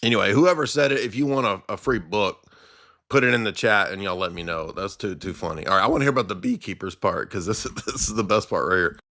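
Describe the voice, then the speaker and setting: A man's voice: lowish voice, fast talker. A man hosting a live stream, casually chatting to his viewers and laughing so hard he gasps for breath. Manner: laughing uncontrollably, gasping for breath; animated, addresses chat as y'all. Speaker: live stream host reacting to clips.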